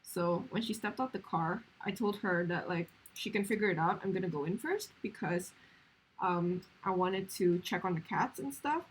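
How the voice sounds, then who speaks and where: A woman's voice: on the low side, moderate pace, slightly rough, poor audio. A woman streamer telling a story in casual chat, rambling along with lots of fillers.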